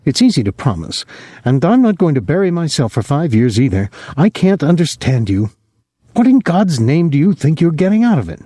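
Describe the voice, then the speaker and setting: A man putting on a bitter young woman who taunts and needles, her voice lifted high and swinging widely. The reading is dry and close, with a mellow tone under the sharpness. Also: big pitch swings, moderate pace, dry recording. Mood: pleading. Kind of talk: audiobook character voice.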